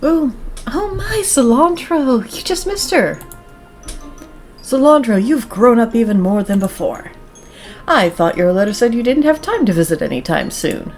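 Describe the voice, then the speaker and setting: Woman putting on a high gushing mom. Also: very animated, measured pace, a little mellow, soft background music.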